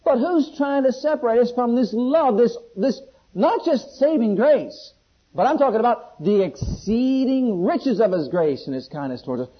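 A man preaching a sermon, shifting between loud, ringing scripture questions and hushed, intimate pleading, with questions put to the congregation. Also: extremely high pitch, expressive, normal speed, breathy edge. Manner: call-and-response questions to the congregation. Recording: dull, lo-fi sermon recording.

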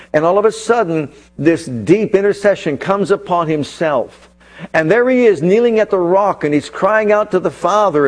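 A man preaching a sermon as pastor, retelling scripture with dramatic storytelling and slowing down for emphasis. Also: high voice, a little mellow.

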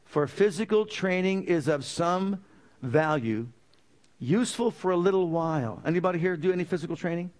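A man preaching a sermon, quizzing the congregation with call-and-response questions and moving between loud emphatic passages and low, quiet pleading. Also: moderate pace. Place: church.

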